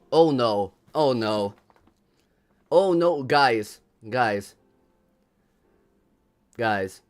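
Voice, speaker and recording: Animated young Brazilian streamer. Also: male voice, mid-range voice. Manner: laughs often, slangy, repeats himself. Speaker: livestream host. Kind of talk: casual livestream commentary.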